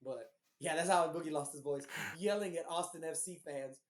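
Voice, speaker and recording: A man from Houston with a hoarse, recovering voice, co-hosting a podcast and telling rambling, profane stories in a casual chat. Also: fairly high pitch, normal speed, reverberant. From Houston, Texas. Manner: profane, rambling, animated storyteller. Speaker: podcast co-host.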